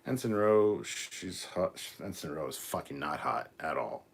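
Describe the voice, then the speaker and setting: A man with a very deep voice hosts a live stream, reading chat messages aloud and answering them. He talks casually and crudely, swearing freely. A faint hiss sits under the recording. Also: lively intonation, measured pace, gravelly. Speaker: host.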